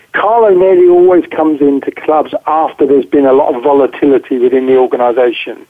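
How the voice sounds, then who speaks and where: Man, interview guest, blunt and emphatic, repeats words, tinny telephone sound. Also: mid-range voice. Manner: direct, emphatic, repeats words while thinking. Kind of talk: phone interview. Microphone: phone. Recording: tinny phone line.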